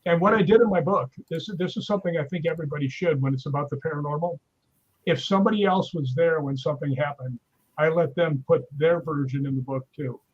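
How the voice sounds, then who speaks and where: A man's voice: fairly high pitch, fast talker, husky, muffled recording. A man telling stories in casual chat on a live stream, acting out the voices he quotes. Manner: animated storyteller, acts out quoted voices. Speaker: guest.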